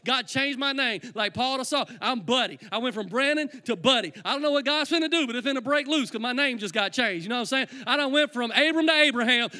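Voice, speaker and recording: A male preacher shares a humorous testimony, full of animated storytelling and comic asides. His voice sits very high and bright, and he talks fast, piling one phrase on the next.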